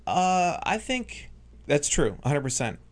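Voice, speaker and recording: A man's voice: fairly high pitch, unhurried. A man, a stage hypnotist and guest, telling funny stories in a casual chat and acting out the people in them. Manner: animated, acts out the people in his stories. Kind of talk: comedic storytelling in casual chat.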